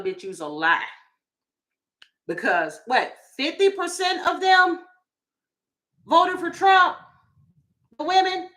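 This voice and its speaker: A woman tarot reader giving casual opinion commentary to camera, animated and sassy, talking straight to her viewers. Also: high voice. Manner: mimics other people in quick asides.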